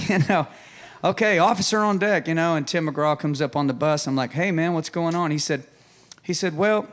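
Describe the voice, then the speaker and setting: A man, a songwriter guest telling an animated story and acting out the dialogue on a music show. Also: a little high. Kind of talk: storytelling chat. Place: stage of a live music show.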